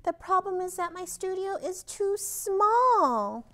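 A woman's voice: extremely high pitch, big pitch swings, slow, bright, forceful tone, pitched above the performer's own voice, full character voice. A woman playing a prim, gracious ballet teacher in a storybook read-aloud, speaking formally and giving commands.

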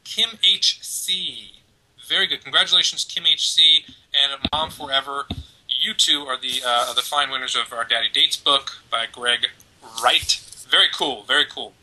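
Bright rambling male podcast host. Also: mid-range voice, normal speed, slight background noise, low-quality recording. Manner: rambling, joking, many fillers and restarts. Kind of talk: casual chat, giving away prizes.

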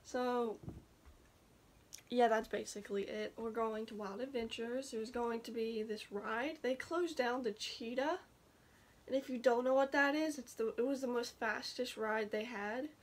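A woman's voice: fairly high pitch, measured pace. A woman vlogging to camera in casual chat, telling a rambling story with frequent giggles.

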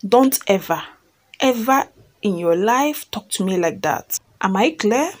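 A woman reading the lines of a bold, sharp-tongued young woman at a job interview, close to her own voice. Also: mid-range voice, expressive, measured pace. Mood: blunt. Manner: blunt and defiant.

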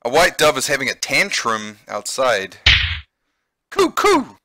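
A man's voice: medium pitch, expressive, normal speed, pushed and bright, dry recording. A man with a New Zealand accent who teaches English, reading a visual novel aloud and chatting in a teacher's explaining way.

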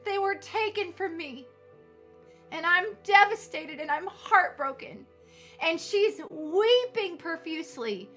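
Woman ministry leader, high and bright, slow emphatic testimony delivery. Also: expressive, soft background music. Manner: fervent, storytelling, emphatic. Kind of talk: testimony sermon.

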